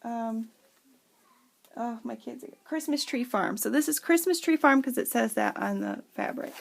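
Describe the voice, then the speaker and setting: A woman with a fairly high, gravelly voice speaks at a measured pace from home in a casual show-and-tell vlog. Selling handmade crafts, she gushes over her handmade journals and chattily calls her viewers "you guys."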